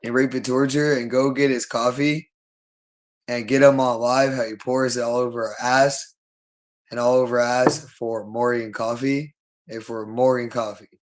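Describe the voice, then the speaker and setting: Male livestreamer, unscripted solo monologue, insistent and repetitive, middle pitch. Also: little pitch movement, normal speed, poor audio.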